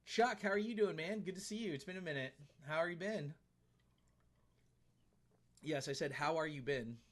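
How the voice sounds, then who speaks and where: A man's voice: a little high, normal speed, a bit bright. A man streaming a game live, chatting casually and laughing as he reads and answers his chat. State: tired arms after a workout.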